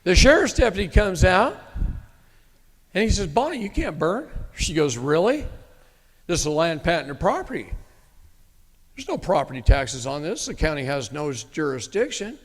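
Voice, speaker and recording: A man's voice: fairly high pitch, big pitch swings, moderate pace, pauses often, big-room sound. A middle-aged man telling a story to a live audience in a blunt, folksy, emphatic way, with occasional cursing. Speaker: speaker at a live event. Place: meeting room with an audience.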